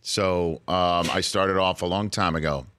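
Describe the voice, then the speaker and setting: A man's voice: sits low, fairly even intonation, unhurried, fairly bright tone, slight background noise. A man in his forties hosting a sports talk show, telling an earnest, sometimes emotional story in casual studio chat. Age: 40s. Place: radio studio.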